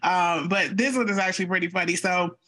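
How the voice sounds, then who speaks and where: A woman co-hosting a podcast, telling a playful story in a lively, casual way and talking straight to the listeners. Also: fairly low pitch, a little fast. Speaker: podcast co-host. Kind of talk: casual chat, animated storytelling.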